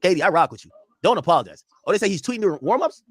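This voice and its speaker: Fast, lively young male streamer. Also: high-pitched, a little hiss or hum. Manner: animated, profane, rambling banter with chat. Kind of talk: casual live-stream reaction.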